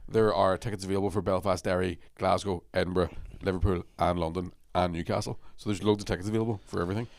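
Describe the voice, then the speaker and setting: A man's voice: low voice, fairly even intonation, gravelly, no echo, clean studio sound. A man hosting a comedy podcast, telling stories in a rowdy, swearing, casual way. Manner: quick, rowdy, swearing storyteller. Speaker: podcast host and stand-up comedian.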